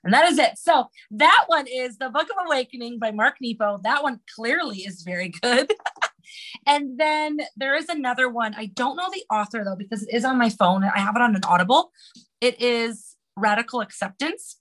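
A woman guest on a podcast who talks earnestly and reads a short meditation aloud, quick to laugh. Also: on the high side, fairly bright tone, poor audio. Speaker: interview guest. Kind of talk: casual talk and reading aloud.

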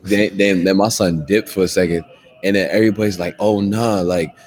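A young man from Guyana in casual chat, telling the story in halting, slangy bursts with many restarts. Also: deep voice, fairly even intonation, a little mellow.

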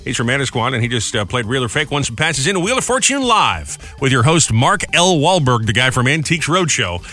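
A man's voice: mid-range voice, big pitch swings, brisk, bright, forceful tone. A man co-hosting a morning radio show, reading odd news with wisecracks. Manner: jokey, reads news with wisecracks.

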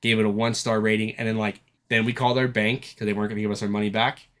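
A man's voice: lowish voice, flat delivery, rapid-fire, a bit bright. A man co-hosting a casual podcast chat, telling a rambling story full of swearing and acting out the people he quotes. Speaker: podcast co-host.

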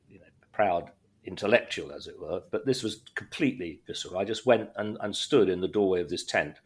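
Middle-aged male guest, low husky voice, chatty storyteller with dry humour who restarts his sentences often. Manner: rambling, self-interrupting, frequent restarts and wry humour. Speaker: podcast guest, writer. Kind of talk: casual conversational storytelling.

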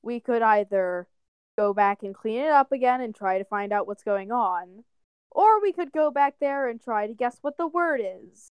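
A woman's voice: on the high side, animated, moderate pace, smooth, no room sound, dull audio. A woman playing a tabletop game, chatting casually and in character in a bubbly way. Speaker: player.

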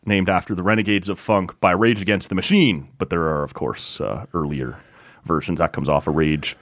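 A man's voice: low-pitched, normal speed, no echo. Laid-back man rambling about beer. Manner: relaxed, rambling, full of fillers. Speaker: podcast co-host. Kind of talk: casual beer-tasting chat.

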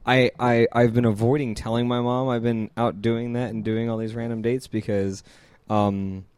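A man's voice: medium pitch, level tone, normal speed, a little mellow, smooth, no room sound. A man as a podcast guest in casual chat, hesitant and restarting his sentences. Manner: hesitant, many fillers and restarts.

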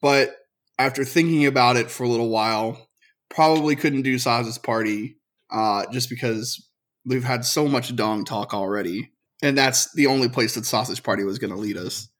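A man's voice: medium pitch, fairly bright tone. A man co-hosting a podcast, giving his opinions in a rambling, casual way. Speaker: podcast co-host. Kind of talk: casual chat.

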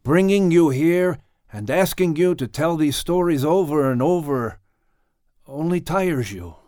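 Man playing earnest devoted son, gentle, slightly higher, dry read. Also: lively intonation, unhurried, dry recording. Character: devoted grown son caring for his dying father.

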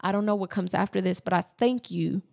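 Co-hosting a casual spiritual podcast, a woman tells personal stories earnestly, repeating phrases for emphasis. Her medium-pitched voice is a little mellow, with vocal fry, and she speaks fairly quickly.

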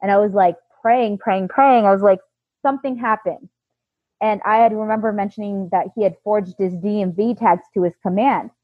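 Over a dry, tinny line that sounds like a phone, a medium-pitched woman in her thirties speaks at a moderate pace with no echo. Her casual account of her own experience comes alive as she animatedly performs the quoted dialogue.

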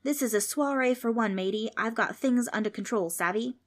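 A frightened young boy hamming up a swaggering pirate captain with a put-on pirate accent, as a woman reading a storybook voices him. His bluster comes out high-pitched and loud, much higher than the narration. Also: brisk, lightly acted. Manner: blustering pirate bravado hiding nerves.

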